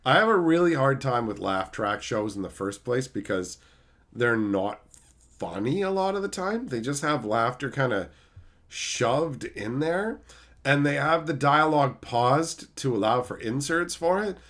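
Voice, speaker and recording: Animated, bright-voiced ranting male streamer. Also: medium pitch, measured pace. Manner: profane, ranting. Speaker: streamer reading chat. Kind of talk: casual livestream chat.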